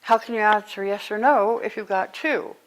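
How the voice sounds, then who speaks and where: A woman speaking as a spiritual teacher to a live group, conversational and animated, telling stories and breaking into sudden exclamations. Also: mid-range voice, moderate pace, slight background noise, rough recording.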